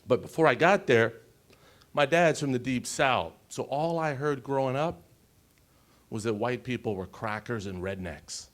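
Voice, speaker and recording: A man in his forties from the United States, giving an emotional personal story on a conference panel and often pausing to check in with the audience. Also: mid-range voice. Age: 40s. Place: conference stage.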